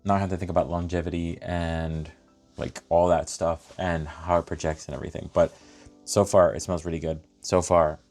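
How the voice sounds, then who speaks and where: Low-voiced guy doing a casual perfume unboxing, chatty and animated, faint music behind. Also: a little fast. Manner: animated, thinks aloud, many fillers and restarts. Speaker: fragrance reviewer.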